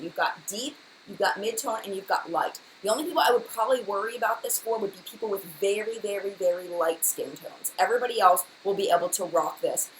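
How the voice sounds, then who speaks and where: Woman, 30s, live-stream host, fast chatty rambling talk, mid pitch, faint background noise. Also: poor audio. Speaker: beauty channel host. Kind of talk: live-stream chat answering viewers.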